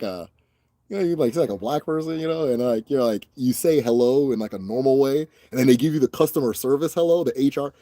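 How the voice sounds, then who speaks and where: A man's voice: medium pitch, lively intonation, quick pace, mellow, no echo, studio quality. A young man hosting a casual question-and-answer chat, talking loosely and profanely, laughing often and breaking into mimicked voices. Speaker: host answering viewer questions.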